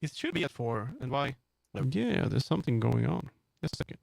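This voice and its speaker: A man's voice: medium pitch, big pitch swings, normal speed, gravelly, darkish tone. A man streaming live, chatting casually and muttering to himself as he troubleshoots. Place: home streaming setup.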